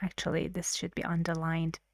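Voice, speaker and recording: A woman's voice: fairly low pitch, monotone, moderate pace, dry recording, clean studio sound. A woman teaching an English intonation lesson, explaining clips and repeating phrases to model how they rise and fall.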